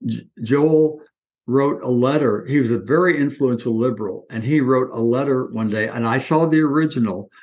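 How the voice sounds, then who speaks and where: A man in his eighties telling anecdotes as an interview guest, lively and acting out the voices of people he quotes. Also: medium pitch, moderate pace. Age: 80s. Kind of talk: reminiscing storytelling.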